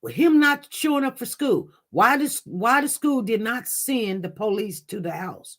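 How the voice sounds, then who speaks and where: A woman's voice: a little high, expressive, unhurried, hardly any pauses. Impassioned woman livestreaming commentary. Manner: impassioned, repetitive, talks directly to chat. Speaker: livestream news host.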